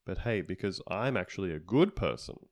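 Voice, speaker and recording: A man's voice: deep voice, expressive, moderate pace. A man co-hosting a comedy podcast, casually recapping a TV episode with rambling jokes and lots of fillers.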